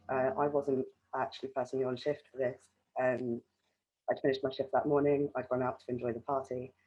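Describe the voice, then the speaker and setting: A woman's voice: a bass voice, mellow, lo-fi sound. A woman who works festival welfare, telling a story at a panel talk with frequent ums.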